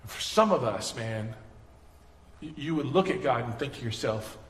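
A man's voice: mid-range voice, expressive, normal speed. A man preaching a sermon as pastor, conversational and earnest, building to emphatic passion. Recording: echoey hall reverb.

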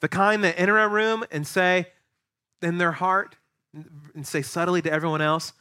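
A man, a pastor preaching a sermon to his church, animated and acting out voices of the people he describes. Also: on the high side, brisk. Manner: animated, acts out quoted voices. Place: church sanctuary.

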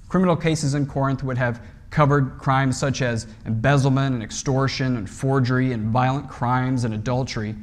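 A man preaching a sermon in a conversational way, often checking in with "right?" and restarting phrases as he explains a passage. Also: medium pitch. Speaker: pastor.

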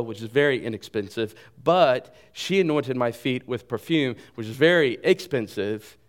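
Animated preacher man with wide swings. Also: medium pitch. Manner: animated, jokes at himself, drops to soft voice for quotes. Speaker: pastor. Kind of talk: sermon.

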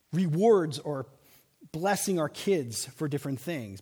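Animated male preacher in a reverberant hall. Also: on the high side. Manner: animated preaching with slow emphatic stretches. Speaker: pastor. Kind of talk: sermon. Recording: long reverb of a large hall.

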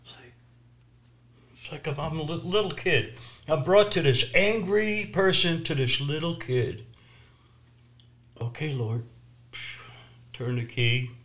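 A man telling his personal testimony story, swinging from loud emphasis to hushed near-whispers. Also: a little high, lively intonation, a little slow.

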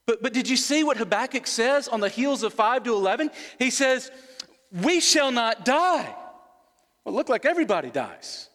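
Male preacher, higher voice, earnest expository sermon, long hall reverb. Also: big pitch swings, brisk, hardly any pauses, a bit bright. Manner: earnest, repeats words when emphasizing, asks listeners questions.

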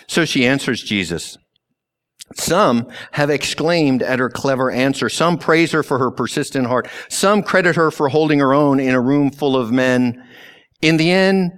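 A man preaching a sermon slowly and deliberately, with long pauses and sudden drops to a hush. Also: mid-range voice. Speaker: pastor.

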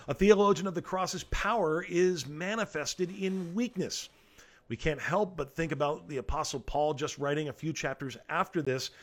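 An earnest man delivers a sermon, reading passages aloud and then explaining them. His voice sits a little higher than most men's. He leans on key phrases and repeats them for weight. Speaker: preacher.

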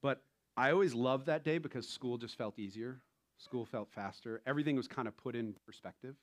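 A man in his thirties preaching a sermon in a relaxed, conversational way, telling stories with light laughter. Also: mid-range voice, a little fast. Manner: conversational, animated storytelling with laughs. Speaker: pastor.

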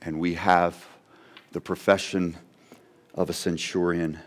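A man's voice: sits low, flat delivery, slow. A man preaching a sermon, dramatically voicing an onlooker's wondering questions. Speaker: pastor.

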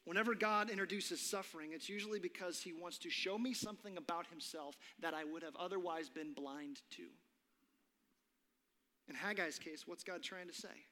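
Bright-voiced male preacher in echoing hall. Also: high voice, moderate pace. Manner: dramatic, drops to a whisper for effect. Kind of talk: sermon. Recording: long reverb of a large hall.

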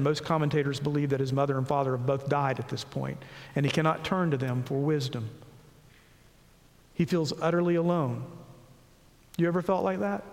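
A man preaching a sermon, reading scripture slowly and earnestly, dropping low and soft between rising pleas. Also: big-room sound. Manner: earnest, slows and rises on scripture, drops low and soft on pauses.

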